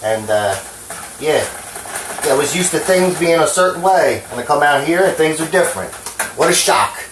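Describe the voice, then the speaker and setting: A man's voice: a little high, animated, normal speed, noisy background. Rambling, cussing man from New Jersey. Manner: rambling, frank and profane, self-deprecating. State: hands shaking. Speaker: home cooking vlogger. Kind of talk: casual rambling cooking talk. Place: home kitchen. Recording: echoey kitchen with faint clatter.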